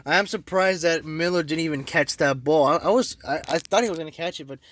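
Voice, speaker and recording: A man's voice: on the high side, fast talker, a bit bright. Brash, trash-talking young man co-host. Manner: brash trash-talking fan, recapping plays. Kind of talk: casual sports podcast chat and match recap.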